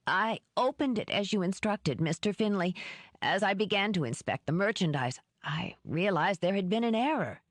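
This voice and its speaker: A woman's voice: mid-range voice, expressive, normal speed, no room sound, natural voice. A woman voicing a small, timid male assistant who speaks nervously and deferentially.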